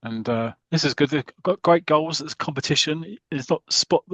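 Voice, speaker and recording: A man's voice: a little high, normal speed, a bit bright, no echo. A man hosting a podcast, chatting enthusiastically and laughing often. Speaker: podcast host. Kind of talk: casual chat, reading comic aloud.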